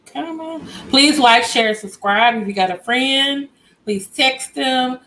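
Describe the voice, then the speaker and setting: A woman's voice: high voice, takes it slowly, pushed and bright, a little hiss or hum, rough recording. A woman hosting a casual livestream from home, chatty and greeting viewers by name as they join. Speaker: livestream host.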